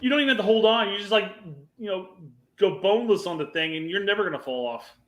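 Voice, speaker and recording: A man's voice: high voice, fast talker, echoey room. A man co-hosting a podcast in casual chat, joking and profane, often restarting his sentences. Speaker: podcast co-host.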